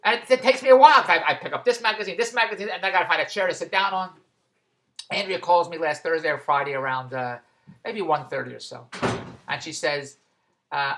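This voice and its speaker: A man's voice: fairly high pitch, expressive, fast, a bit bright. A man in a rambling monologue vlog, stumbling and restarting as he goes, amused at his own tangents. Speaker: vlogger.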